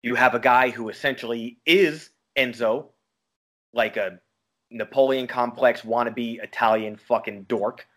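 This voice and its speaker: A man from Long Island co-hosts a podcast and rants freely, swearing as he riffs. His voice sits at an ordinary middle pitch for a man. The talk is loose, casual chat. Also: steady tone, unhurried, fairly bright tone. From Long Island, New York. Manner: profane, ranting, riffing. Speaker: podcast co-host.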